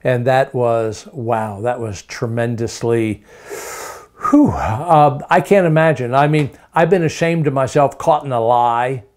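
A man preaching a sermon with emphatic delivery, stacking up rhetorical questions and repeating words to drive his points home. His voice sits at an ordinary male pitch. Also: unhurried, darkish tone.

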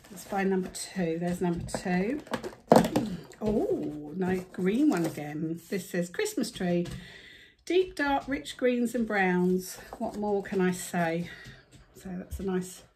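Chatty woman, noisy home recording. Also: mid-range voice. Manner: chatty, gushing, keeps breaking off to calm her dog. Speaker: crafting vlogger. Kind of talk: casual chat. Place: at home in a living room. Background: a dog barking and moving about.

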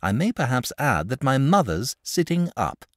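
A man's voice: medium pitch, very animated, normal speed, no room sound, clean studio sound, voice pushed up, close to an everyday voice. A man voicing an eager, blunt little boy in a storybook reading. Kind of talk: audiobook character voice.

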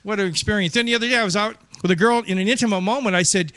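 A man's voice: high voice, racing, hardly any pauses, a bit bright, dry recording, studio quality. A man from Ohio doing stand-up one-liners, corny and laughing at his own jokes. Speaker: stand-up comedian.

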